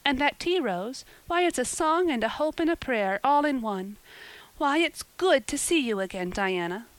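A woman's voice: high-pitched, expressive, normal speed, no room sound, pitched above the performer's own voice, low-quality recording. A woman voicing an eager, dramatic teenage girl who talks in gushing, pleading bursts. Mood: joyful, dreamy.

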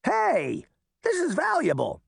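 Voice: high-pitched, huge pitch swings, slow pace, creaky, no room sound, studio quality, pitched above the performer's own voice, full character voice. A man voicing a brash, smug boy fairy.

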